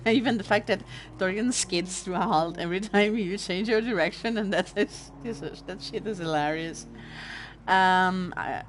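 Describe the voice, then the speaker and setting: A woman's voice: fairly low pitch, expressive, slow, a little hiss or hum. A young woman with an Italian accent, host of a let's play, commenting on a game in an emotional, rambling way and swearing. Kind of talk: casual gameplay commentary.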